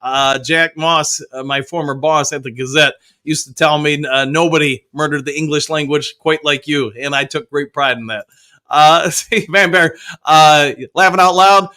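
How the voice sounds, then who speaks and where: A man's voice: a little high, steady tone, normal speed, pushed and bright. A middle-aged man hosting a live fan show, chatting casually and reading viewer comments aloud with cheerful whoops.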